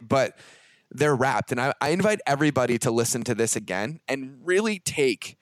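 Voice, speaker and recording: A man's voice: medium pitch, no room sound. A man hosting a podcast in a casual conversation, talking emphatically and swearing freely. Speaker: podcast host.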